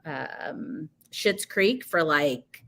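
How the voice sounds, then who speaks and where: A woman's voice: low voice, animated, extremely slow, a bit bright. A woman speaking as a guest, explaining productivity tips in a chatty, conversational way with everyday examples. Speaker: guest speaker on teacher coaching. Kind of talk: conversational advice-giving.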